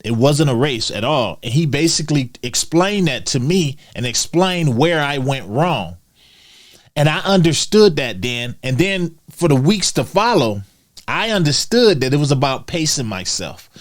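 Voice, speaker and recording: A man vlogging, telling a personal story in a chatty way and calling his viewers "guys". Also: on the high side. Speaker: finance vlogger.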